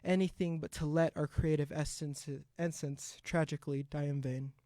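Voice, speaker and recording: A man's voice: a little high, fairly even intonation, moderate pace, dark tone, no echo. A man performing an impassioned, rhythmic spoken word poem at a live open mic, into a stage mic. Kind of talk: spoken word poetry recital.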